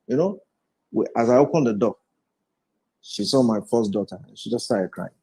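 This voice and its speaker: A man's voice: mid-range voice, lively intonation, normal speed, warm tone, slightly rough, low-quality recording. A man in his forties, a guest speaker giving an earnest, reflective personal testimony in an interview and retelling past conversations.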